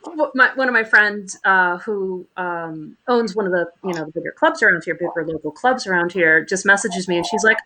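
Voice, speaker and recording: Woman, Boston accent, podcast co-host, casual chat, animated, bright tone. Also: mid-range voice, a little fast, hardly any pauses, poor audio. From Boston area. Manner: animated, laughs often.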